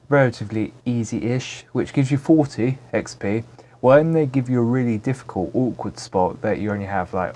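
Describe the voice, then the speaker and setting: A man's voice: fairly low pitch, warm tone. Jokey man playing a game. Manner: jokey, talks to himself while playing. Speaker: gaming commentator. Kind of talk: casual gameplay commentary. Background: background music.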